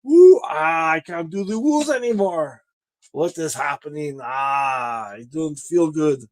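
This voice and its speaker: A man's voice: on the high side, lively intonation, slow pace, voice pushed up. A man doing a boastful, whiny self-styled alpha male. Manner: boastful, grandiose, whiny complaints. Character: brash, self-pitying male vagrant vlogger who calls himself the alpha male. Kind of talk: comedic character monologue.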